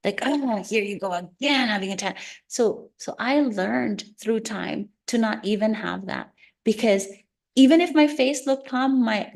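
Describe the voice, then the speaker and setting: A woman educator giving an online talk about children's emotions, lively, acting out children's and parents' lines. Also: mid-range voice, gravelly. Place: online meeting room. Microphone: video call.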